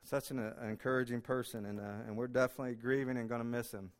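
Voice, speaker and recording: A man's voice: medium pitch, little pitch movement, fast talker. A man preaching in church, chatty and openly emotional, with frequent "uh" fillers, joking about himself. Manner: emotional, chatty, self-deprecating, many fillers. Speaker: guest preacher. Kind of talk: sermon. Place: church sanctuary.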